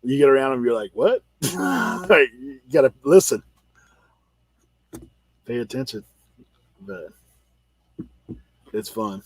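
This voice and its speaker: A man's voice: mid-range voice, expressive, slow pace, pauses often, breathy edge, dry recording. Male reseller host, drawl, casual banter, fillers galore, dry close mic. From Outer Banks, North Carolina. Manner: chatty, laughs often, says "like" a lot. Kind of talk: casual chat on a video call hangout.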